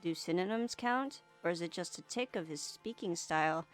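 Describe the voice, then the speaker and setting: A woman's voice: fairly low pitch, normal speed, soft background music. A woman hosting a let's play, reading a visual novel aloud and adding wry, dry asides.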